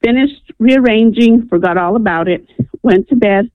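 Her voice sits fairly high and moves at a normal speed as she recounts a personal story on call-in radio, earnest and full of ums. She's phoning from New Mexico, and the telephone sound is tinny and dry with no room noise.

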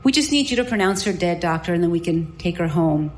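A woman voicing a calm, gentle young male nurse, the patient's grandson, in a soft, measured way in a spoken story. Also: fairly low pitch, close to an everyday voice.

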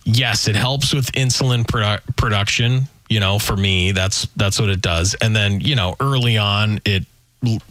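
A man's voice: on the low side, normal speed, no echo. A man co-hosting a talk show, chatting casually and rambling through lots of fillers. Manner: relaxed, rambling with many fillers. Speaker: radio show co-host. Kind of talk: casual chat.

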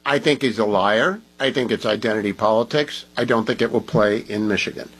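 A man's voice: on the low side, fairly quick, fairly bright tone, husky, low-quality recording. A man hosting a talk radio show, talking in an opinionated, emphatic, conversational way. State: groggy from medication.

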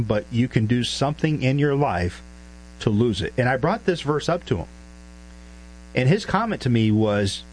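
A man's voice: on the low side, a little mellow, rough recording. A man preaching a verse-by-verse sermon, stressing key words and putting questions to his listeners. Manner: emphatic, asks the listeners questions. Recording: faint mains hum.

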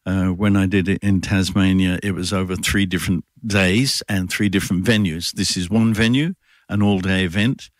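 A man's voice: low-pitched, fairly even intonation, normal speed, no echo, studio quality. A middle-aged man, a guest performer, talking thoughtfully in a radio interview with many fillers and restarts. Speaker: guest performer and adapter of a classic poem.

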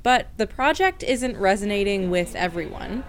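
A woman radio reporter narrating a scripted news feature in a measured, clear delivery. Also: medium pitch, lively intonation.

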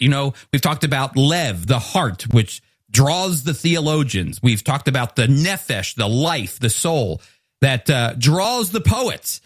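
A man delivering an earnest Bible teaching, his pitch sitting a little high and moving a lot as he explains. He trips and restarts words now and then but keeps pressing his point. The sound is dry and close, with no room around it. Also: no echo. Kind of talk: sermon-style Bible teaching.

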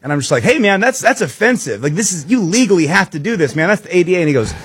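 A man's voice: on the high side, animated, very fast, husky, no echo, studio quality. A man casually telling a comic anecdote, chatty and loose with lots of "like".

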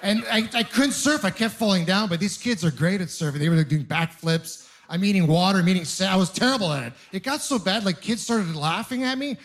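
A man in his thirties, a comedian working a stand-up set with self-deprecating stories. His voice sits a little higher than most men's. He turns often to talk straight to the audience. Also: fairly quick, hardly any pauses. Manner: self-deprecating storytelling, animated asides to the audience. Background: audience laughter.

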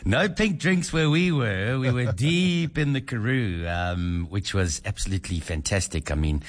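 A man co-hosting a radio show, telling stories with a lot of swing in his voice. He speaks low and repeats words for emphasis. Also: normal speed. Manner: animated storyteller, repeats words. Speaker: radio co-host. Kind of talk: casual radio chat.

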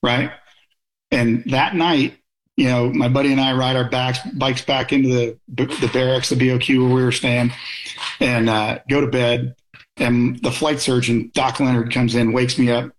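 A man recounting his military days in a loose, anecdotal way, often circling back and restarting his sentences. His voice sits at an ordinary middle pitch. He talks like a guest sharing stories in a casual interview. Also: flat delivery, normal speed, slight background noise, low-quality recording. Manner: anecdotal, many restarts and fillers.

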